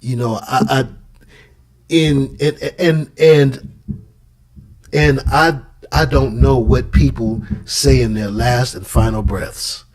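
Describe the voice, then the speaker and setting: A man with a middle-pitched voice talks loosely and at length, circling back and restarting as he tells his stories. His delivery is casual and conversational. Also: steady tone, takes it slowly, a little mellow. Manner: storytelling, with many restarts.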